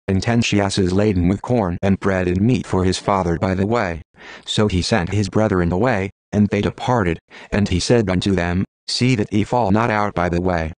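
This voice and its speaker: Low synthetic male reading voice. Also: no echo. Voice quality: text-to-speech voice. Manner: steady, measured phrasing with a pause at every clause. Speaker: scripture reader.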